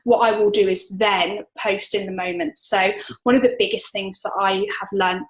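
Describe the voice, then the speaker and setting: A woman's voice: mid-range voice, steady tone, moderate pace, poor audio. A woman chatting casually at home, upbeat and full of fillers, giving business advice. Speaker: interviewee, network marketer. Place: home room.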